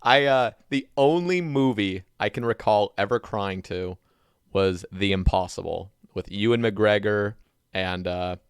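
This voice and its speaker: A man hosting a podcast, chatting loosely and quickly, swearing often as he tells stories. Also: lowish voice, clear, resonant tone, dry recording, studio quality. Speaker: podcast host. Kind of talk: casual podcast chat.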